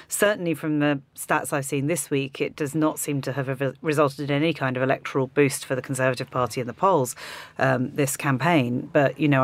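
A British woman speaking fluently as a guest on a radio panel in a studio, measured, with fillers like "you know". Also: low-pitched, dry recording. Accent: British English. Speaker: guest commentator.

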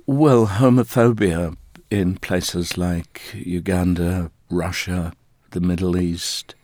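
Deep, slow-spoken man from South Africa. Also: steady tone, a little mellow, no room sound. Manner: measured, thoughtful, deliberate phrasing. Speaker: interviewee, stage actor. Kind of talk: reflective interview answers.

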